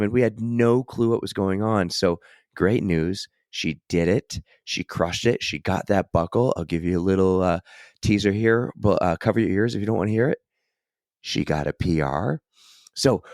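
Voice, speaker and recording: A man hosting a casual podcast intro, hoarse and losing his voice, chatty and jokey. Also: low voice, darkish tone, no room sound, clean studio sound. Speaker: podcast host.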